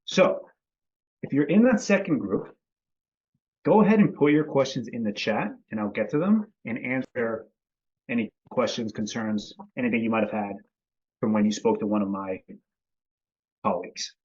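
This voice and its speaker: An easygoing man hosts a live-stream lesson over a video call. His voice sits at a medium pitch and he greets people by name. The call audio sounds slightly dull and lo-fi. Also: expressive, normal speed, long pauses, a little mellow, breathy edge. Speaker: host and company CEO. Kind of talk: casual live-stream teaching.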